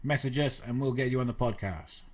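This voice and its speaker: A man's voice: mid-range voice, a little fast. A man with a noticeable lisp co-hosting a casual podcast, dry and teasing. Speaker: podcast co-host. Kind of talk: casual chat.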